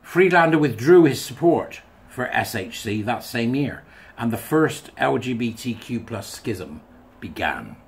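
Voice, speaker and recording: A man's voice: mid-range voice, expressive, a little slow, creaky, husky. A man reading a thread aloud and adding chatty, wry asides as a commentator. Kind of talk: casual monologue reading and commenting.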